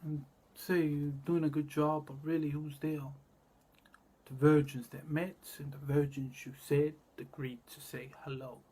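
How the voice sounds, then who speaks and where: Husky man in a cryptic rambling monologue. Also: fairly high pitch. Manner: cryptic and repetitive, drifting between murmurs and loud bursts.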